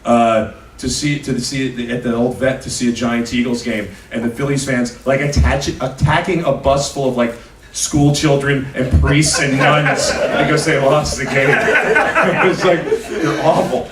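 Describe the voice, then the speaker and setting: A man's voice: mid-range voice, steady tone, a little slow, a bit bright. A male comedian, rambling in a profane way during a live panel. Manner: rambling, profane, laughing asides. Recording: roomy stage sound from far off, noisy.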